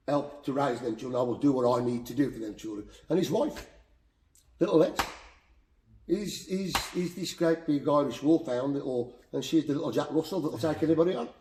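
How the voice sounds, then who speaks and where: A boxing coach with a Black Country accent, telling heartfelt stories in an animated, repetitive way as a podcast guest. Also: male voice, mid-range voice. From Black Country, England. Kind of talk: emotional storytelling in conversation. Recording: roomy echo.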